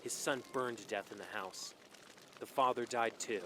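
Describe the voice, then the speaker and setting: A man's voice: medium pitch, moderate pace, sharp tone, slight background noise. A man narrating a scripted horror story with dramatic delivery.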